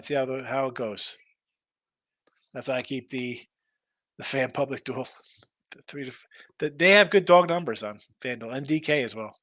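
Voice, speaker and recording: A man's voice: medium pitch, animated, moderate pace, pauses often, bright, forceful tone, no echo. A man hosting a casual betting stream, rambling through picks, repeating himself and reading out chat messages. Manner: restarts and repeats words often. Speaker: sports betting show host.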